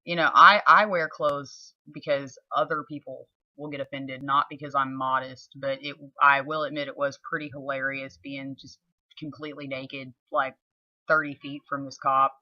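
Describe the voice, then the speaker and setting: A woman's voice: a bass voice, flat delivery, normal speed, sharp tone, no echo, highs cut off. A young woman with a Southern accent chatting casually to camera from her floor at home, blunt and laid-back with plenty of fillers. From southern United States. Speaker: model and vlogger. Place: home, sitting on the floor indoors.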